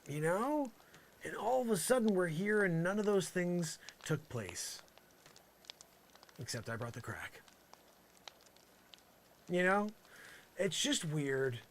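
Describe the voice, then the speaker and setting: A man riffs through a rambling comic monologue in a somewhat high voice. He swings from loud sarcastic outbursts to low muttered asides. A faint hiss of noise sits under the recording. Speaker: comedian.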